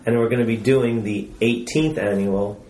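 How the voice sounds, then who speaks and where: A man's voice: on the low side, fairly even intonation, moderate pace, dark tone, a little hiss or hum. A man conducting a casual interview, joking and easygoing with his guest. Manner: jokey, easygoing. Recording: roomy echo.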